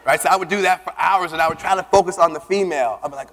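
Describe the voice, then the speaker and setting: Animated man speaking in a reverberant hall. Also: fairly high pitch, very fast. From Southern United States. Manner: animated, acts out quoted voices, repeats words when starting a line. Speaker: keynote speaker. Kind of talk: personal storytelling speech. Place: large conference hall.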